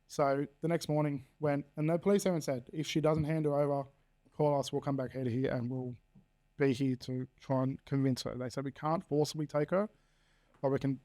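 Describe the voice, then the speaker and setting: A man's voice: medium pitch, a little mellow. An Australian man in his thirties, a podcast guest telling his story bluntly, swearing freely and acting out quoted dialogue. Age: 30s. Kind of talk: candid personal storytelling.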